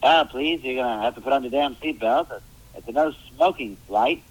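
A man puts on a middle-aged airline captain making a cabin announcement in a steady, mid-range voice. The captain rambles and stalls on "uh", then slips crude jokes into the routine talk. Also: mid-range voice, dull audio, natural voice. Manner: halting announcements full of "uh", off-color asides. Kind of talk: comic impression of a pilot announcement.

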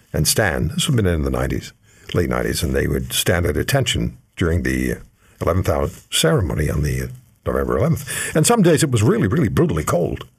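Husky-voiced older radio host. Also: male voice, deep voice. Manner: conversational storytelling, frequent fillers. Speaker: radio talk show host. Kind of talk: radio talk show.

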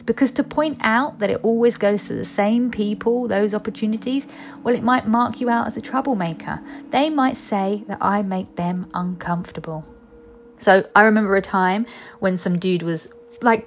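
A woman, reading her own personal essay in a candid, wry, conversational way. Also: medium pitch. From East London, England.

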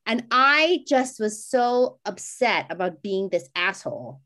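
A middle-pitched woman in her forties talks casually on a podcast. She rambles through a personal story with many restarts, and she jumps up in pitch when she acts out what people said. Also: unhurried. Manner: animated, acts out quoted voices with big pitch jumps. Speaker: podcast co-host.

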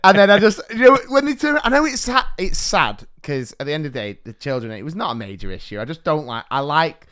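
Guy on a podcast, bit high voice, super lively, laughing through his stories and doing everyone's lines. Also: fast talker, hardly any pauses, smooth. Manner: animated storyteller, acts out quotes, laughs a lot. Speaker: podcast co-host, teacher. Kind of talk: casual chat, storytelling.

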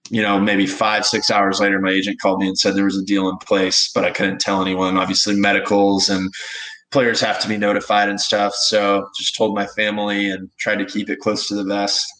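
A young man from Texas, a guest telling stories in a relaxed, casual interview, with many fillers. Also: on the low side, a little fast, low-quality recording. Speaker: guest, baseball pitcher.

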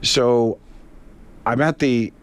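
A man's voice: mid-range voice, very slow, clean tone. A man co-hosting a radio show, telling a story in a conversational way and speaking straight to the listeners. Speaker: radio co-host. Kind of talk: casual on-air chat.

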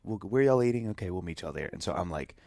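A man telling a story in a casual interview, animated and acting out voices of the people in it. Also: deep voice, fast, gravelly, dry recording, studio quality. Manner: animated, acts out voices of himself and others in his stories. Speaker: musician telling his love story.

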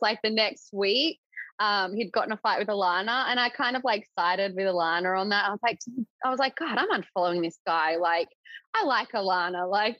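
Brief: young woman guest, candid chatty tone, middle pitch, dry and slightly muffled recording. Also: a bit bright, no room sound. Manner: chatty, open, full of filler likes. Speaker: podcast guest. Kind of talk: casual chat. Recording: dull, dry lo-fi audio.

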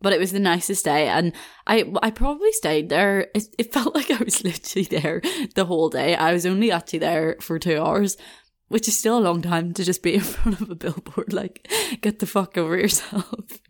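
A woman's voice: lowish voice, lively intonation, brisk. A young woman hosting a podcast, telling a personal story in a chatty, self-mocking way and laughing now and then. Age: young adult. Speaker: podcast host. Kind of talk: casual storytime monologue.

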